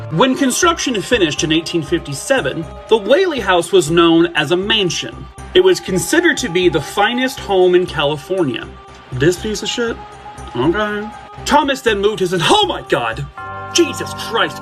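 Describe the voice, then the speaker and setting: A man with a high-pitched voice tells haunted house stories in a loose, chatty way, turning to his viewers with questions. He keeps tossing in irreverent, swearing jokes as he goes. Soft music plays faintly underneath. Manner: jokey, irreverent asides with swearing; asks the audience questions. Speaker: haunted-place storyteller. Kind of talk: casual storytelling to viewers.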